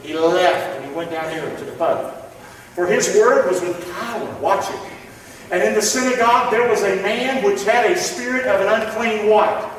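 Male pastor, high voice, call-and-response sermon, distant and roomy, reverberant sanctuary. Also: moderate pace. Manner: call-and-response preaching, swings from loud to hushed. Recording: echoey hall from far off.

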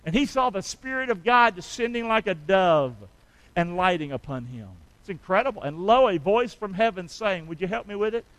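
Middle-aged male pastor, high bright voice, call-and-response preaching with amens. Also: normal speed, no room sound, rough recording. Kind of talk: sermon.

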